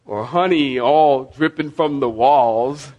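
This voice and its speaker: A man's voice: medium pitch, slow pace, a little mellow, lo-fi sound. A male pastor preaching a sermon, repeating key phrases and calling on the congregation to respond. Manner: calls on listeners to respond and mark their bibles.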